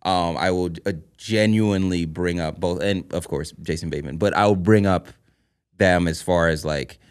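A man's voice: low-pitched, moderate pace, clean tone. A man co-hosting a film podcast, chatting enthusiastically, swearing casually and restarting his sentences. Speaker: podcast co-host. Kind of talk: casual chat.

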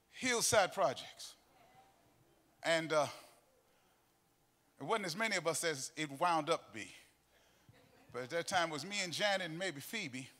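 A middle-aged man preaching a sermon in a church. He tells stories and breaks into sung, shouted cadences, with faint music behind him. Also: sits high. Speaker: pastor. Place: church sanctuary.

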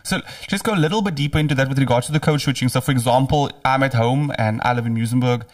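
A man with a lilt hosts a laid-back conversation, nodding along with soft murmurs. His voice sits at an ordinary pitch and sounds a little away from the microphone. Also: quick pace, distant mic. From South Africa. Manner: relaxed, frequent murmured agreement. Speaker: podcast host. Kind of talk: casual conversation.

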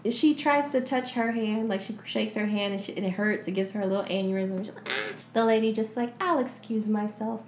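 A woman's voice: medium pitch, fairly quick, few pauses. A woman hosting a podcast, giving a casual movie recap and acting out the characters' lines as she retells the plot. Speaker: podcast host. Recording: echoey room, faint background hiss.

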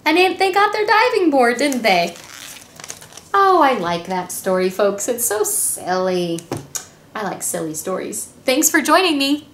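A woman's voice: high voice, big pitch swings, unhurried, a bit bright, slight background noise. Bubbly female music teacher. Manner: bubbly and encouraging. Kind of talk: storybook read-aloud and movement lesson for young children. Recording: echoey room with faint music.

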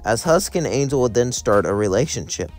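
A man's voice: medium pitch, expressive, brisk, a little mellow, soft background music. A young man telling a fan story in a rambling, casual way. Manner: rambling, run-on sentences.

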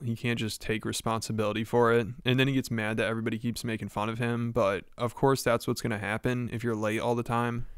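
Guy commenting on a clip, flat voice, smooth and clean, kinda critical. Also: mid-range voice, no room sound, clean studio sound. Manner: matter-of-fact, critical. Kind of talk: casual video commentary.

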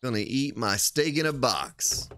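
Lively, bright-voiced male game streamer. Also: medium pitch, a little slow, a little hiss or hum. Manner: playful, joking while reading chat. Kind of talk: casual live-stream chat.

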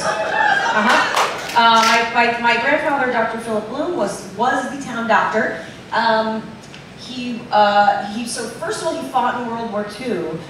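A woman doing a rambling, profane live comedy monologue in front of an audience. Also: fairly high pitch. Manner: rambling, self-interrupting, profane. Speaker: improv monologist. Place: cruise ship show lounge, live audience. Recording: echoey and distant, crowd noise.

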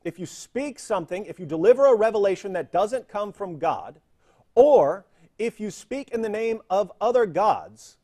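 Male host, higher pitch, methodical argumentative delivery. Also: sing-song, moderate pace, warm tone. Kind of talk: religious debate commentary.

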